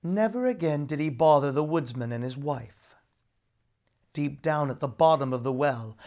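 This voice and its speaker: A woman reading a children's story aloud with expressive narration. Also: sits low.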